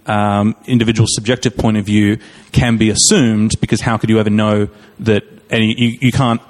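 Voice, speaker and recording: A man's voice: on the low side, little pitch movement, normal speed. Man, 30s, casual podcast chat, dry and hesitant. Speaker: podcast co-host.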